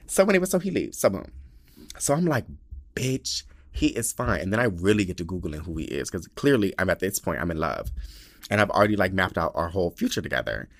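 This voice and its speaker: Young guy podcast host, low-ish voice, super animated, slangy and sweary storytelling. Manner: animated, slangy, swears often, acts out quotes. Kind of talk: casual storytelling monologue.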